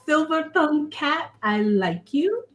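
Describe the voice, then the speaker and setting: A woman's voice: high voice, big pitch swings, voice pushed up, exaggerated voice. A woman voicing a stern, no-nonsense older female receptionist in a tabletop game, curt and dismissive. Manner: curt, dismissive, drawn-out "hmm".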